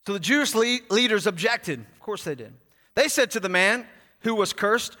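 A man preaching a sermon, swinging from hushed to loud and emphatic, joking with the congregation. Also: high-pitched, animated, normal speed. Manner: jokes with the congregation. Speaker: pastor. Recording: long hall reverb.

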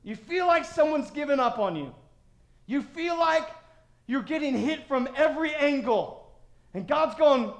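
A man preaching a sermon as pastor, animated and acting out voices of crowds and of God. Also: very high voice, measured pace, roomy sound.

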